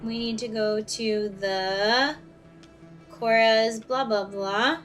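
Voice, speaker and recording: A woman's voice: fairly high pitch, fairly even intonation, slow pace, a bit bright. Giggly young woman streaming a game. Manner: chatty, giggly, self-mocking. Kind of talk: casual gameplay commentary. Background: game music.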